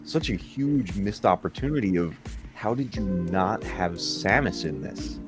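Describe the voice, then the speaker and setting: Deep-voiced man hosting a casual stream. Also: expressive, unhurried. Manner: rambling, nostalgic, chuckles often. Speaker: stream host. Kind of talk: casual live-stream chat. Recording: music playing under the voice.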